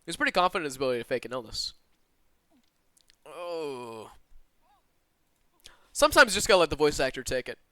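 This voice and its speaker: A man with a slight Southern twang reads a visual novel aloud on a live stream from his own room. He talks fast and with a lively, bouncing pitch, breaking off for quick asides. His voice is bright, and the sound is dry and close. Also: dry recording. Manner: animated and expressive, with quick asides to chat.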